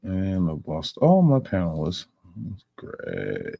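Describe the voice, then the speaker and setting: Deep gravelly man hosting a stream. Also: wildly swooping pitch, takes it slowly, no room sound, lo-fi sound. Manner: profane, loose, reactive. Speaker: stream host. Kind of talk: casual live-stream chat.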